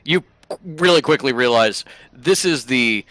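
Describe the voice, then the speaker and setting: A man's voice: medium pitch, animated, a little slow, fairly bright tone, no room sound. A man narrating as game master of a tabletop role-playing game, hesitant and full of fillers, laughing at his own jokes.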